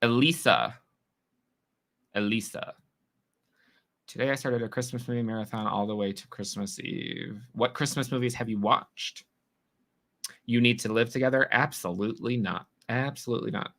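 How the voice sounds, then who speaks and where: Bright-voiced chatty male streamer. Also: medium pitch. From New York. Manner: chatty, teasing, quick reactions to chat. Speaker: livestream host. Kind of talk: casual livestream chat reading comments.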